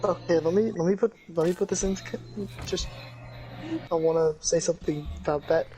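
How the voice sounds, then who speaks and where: A man in a casual voice chat with friends, talking in a mock-formal, measured, lecturing way. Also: fairly high pitch, mellow, faint music behind, poor audio. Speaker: gamer in a friend group.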